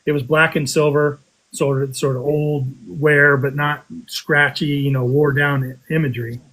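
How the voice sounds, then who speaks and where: A man casually telling a story on a podcast, animated, with his voice jumping up high when he quotes himself. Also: moderate pace, rough recording. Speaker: podcast guest telling a metal detecting story.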